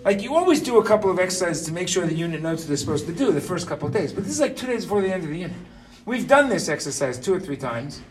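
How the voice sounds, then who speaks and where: Rapid-fire and very animated, this man's high voice comes through a distant mic with a little hiss or hum. He's in his fifties, chatting through a personal story for listeners and repeatedly asking "right?".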